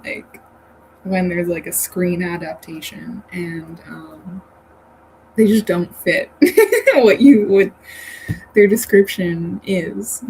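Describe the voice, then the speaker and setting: Woman streamer, casual and rambling, easygoing slow pace, faint fan hum behind. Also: mid-range voice, a little mellow, rough recording. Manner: chatty, rambling, laughs often. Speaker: livestream host reading chat. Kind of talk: casual livestream chat.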